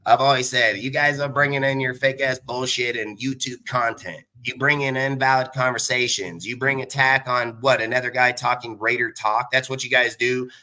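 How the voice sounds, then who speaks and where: A man's voice: mid-range voice, steady tone, sharp tone. A man in his forties hosting a live show, ranting angrily, swearing constantly and talking in blunt, boastful, combative bursts. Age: 40s. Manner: rapid bursts of speech. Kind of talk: profane angry rant on a livestream.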